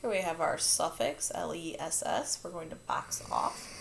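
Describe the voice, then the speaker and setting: Lively woman teacher with a gravelly edge. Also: low-pitched, moderate pace, slight background noise. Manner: upbeat, patient, self-correcting. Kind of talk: phonics lesson for children.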